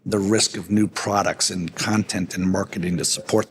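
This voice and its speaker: A man's voice: low voice, steady tone, moderate pace. A man speaking as a company executive in a casual business interview, plainspoken and joking, often restarting his sentences. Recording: noisy background.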